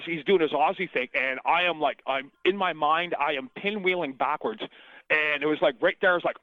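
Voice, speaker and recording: A man's voice: on the high side, brisk, dry recording. A middle-aged man, a singer, telling his story in a casual interview, rambling and swearing freely with lots of restarts. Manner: rambling, profane, restarts often. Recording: tinny phone-line sound, dry.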